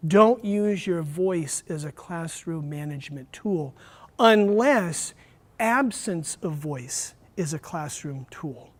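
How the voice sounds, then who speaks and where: A man running a teacher training workshop, talking straight to his audience in a lively way. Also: on the high side. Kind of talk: workshop lecture.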